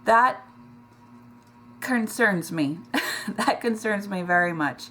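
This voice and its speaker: A middle-aged woman talking in a personal vlog, emotional and close to tears, halting with many ums and restarts. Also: mid-range voice, lively intonation, fairly bright tone. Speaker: weight loss vlogger.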